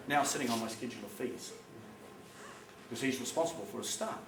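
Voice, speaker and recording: A male public speaker from New Zealand talks fast and expressively at a medium pitch, addressing an audience in a school hall. He is plain-spoken and emphatic, acting out phone calls. The echoey hall recording is distant and includes background noise.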